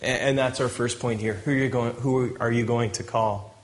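A man's voice: mid-range voice, steady tone, moderate pace. A man preaching a sermon who reads scripture aloud and breaks in with joking asides and chuckles. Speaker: pastor. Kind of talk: sermon with Bible reading.

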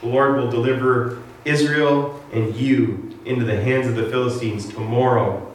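A man's voice: medium pitch, fairly even intonation, normal speed, slight background noise, lightly acted. A man voicing the stern ghost of an old prophet pronouncing judgment. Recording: echoey room, distant mic.

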